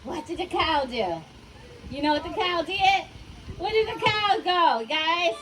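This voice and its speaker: A woman's voice: extremely high pitch, animated, unhurried. A woman telling a story aloud to a crowd of children outdoors, prompting them to call out answers. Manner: call-and-response with the audience. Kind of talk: animated read-aloud to children. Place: outdoor riverfront event before a crowd. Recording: noisy outdoor event recording.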